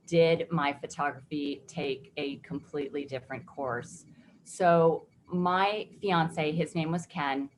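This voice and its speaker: Low-voiced earnest woman telling her story. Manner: reflective, earnest, emotional at times. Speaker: guest photographer. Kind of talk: personal interview storytelling.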